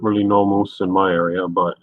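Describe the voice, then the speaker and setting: A man with a lowish voice chats loosely with his live-stream viewers as he paints. He rambles from one thought to the next. The sound is thin and phone-like, close and dry. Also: flat delivery, fairly quick, no echo. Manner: rambling, answers chat viewers by name. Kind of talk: casual live-stream chat while painting.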